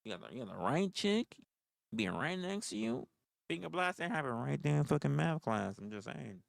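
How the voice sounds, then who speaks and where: A man's voice: medium pitch, sing-song, moderate pace, vocal fry, no room sound, studio quality. A man, rambling through profane stories on a casual livestream. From New York. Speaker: livestream host.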